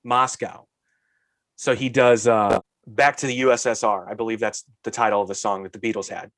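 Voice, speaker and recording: Exasperated, animated man ranting in a podcast. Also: lowish voice, moderate pace, no echo. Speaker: podcast co-host. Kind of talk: casual chat.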